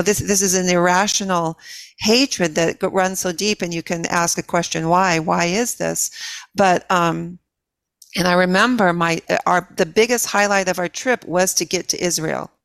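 An older woman speaking as an interview guest, reflective and halting, with many restarts and repeated words. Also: on the low side, fairly bright tone, no echo.

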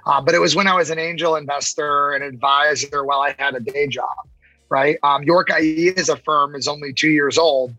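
Animated man with a bright, breathy voice. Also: fairly high pitch, no room sound, poor audio. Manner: fast, animated, acts out quoted voices. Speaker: investor and podcast guest. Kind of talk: casual interview talk.

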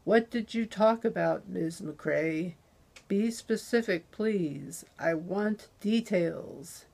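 A woman reading the lines of a calm, menacing male interrogator in an audiobook, measured and commanding. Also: mid-range voice. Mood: cold menace.

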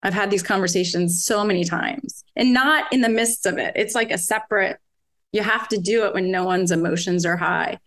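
A woman's voice: medium pitch, normal speed, fairly bright tone. A woman in her forties, a mother talking earnestly in casual conversation, rambling with restarts and many fillers. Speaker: podcast guest, mother.

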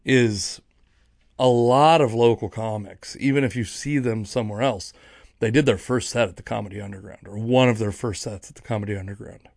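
A man's voice: fairly low pitch, brisk, gravelly, darkish tone, no room sound, studio quality. A young man, a stand-up comedian, telling road stories in a rambling, self-mocking monologue with many restarts. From Seattle area. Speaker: stand-up comedian, podcast host. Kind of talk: casual monologue.

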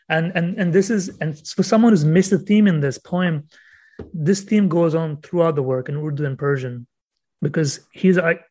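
A man, a guest author on a podcast interview, explaining poetry earnestly and reading verse aloud slowly, often repeating words as he thinks. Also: a little high, darkish tone.

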